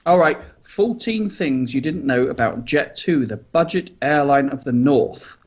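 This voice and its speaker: A man's voice: mid-range voice, lively intonation, a little slow, husky, lo-fi sound. A man co-hosting a podcast, reading news items aloud with chatty asides and light jokes. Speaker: podcast co-host.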